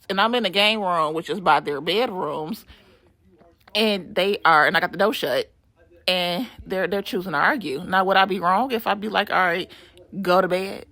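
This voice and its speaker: Bright-toned, chatty middle-aged woman, casual home vlog voiceover, close and dry. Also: fairly low pitch, no echo. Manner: chatty, animated, laughing, swearing casually. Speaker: nail art creator. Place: home game room.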